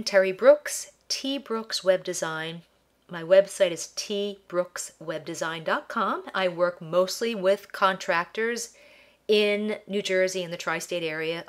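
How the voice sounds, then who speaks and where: Nasal, congested woman reviewing a website. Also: lowish voice. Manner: casual, halting, restarts words. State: congested from allergies. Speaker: web designer. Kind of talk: screen-share website review.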